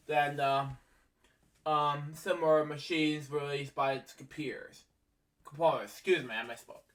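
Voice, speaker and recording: A young man reading facts aloud in a halting way, stumbling over words, full of ums and apologies for misspeaking, recorded from a distance. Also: a little high, fairly bright tone. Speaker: amateur video maker reading facts aloud. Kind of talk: halting read-aloud narration. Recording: voice from a distance from the mic.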